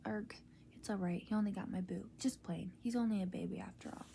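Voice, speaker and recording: A woman in a whispered role-play voicing a big, gruff, soft-hearted gamekeeper in a storybook reading. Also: medium pitch, steady tone, fairly quick, a little hiss or hum, lightly acted. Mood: tender.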